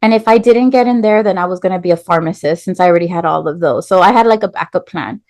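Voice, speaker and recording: A woman tells her own story as a podcast guest, animated, with lots of "like" and "um" fillers. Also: fairly low pitch, quick pace, dry recording. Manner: animated storyteller, acts out quoted voices, many "like" and "um" fillers. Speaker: podcast guest, nurse and business owner. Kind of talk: casual storytelling interview.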